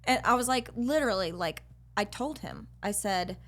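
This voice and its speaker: A woman in her thirties, a podcast guest, telling a story in an animated, bubbly way and swearing freely. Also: medium pitch, moderate pace. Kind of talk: casual storytelling chat.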